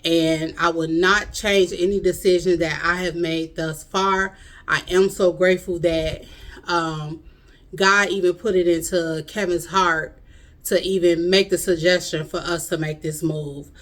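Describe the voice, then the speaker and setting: Earnest Chicago woman vlogger, lowish voice. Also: fairly even intonation, measured pace, a bit bright. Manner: earnest, chatty, addresses viewers as y'all. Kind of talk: casual vlog to camera.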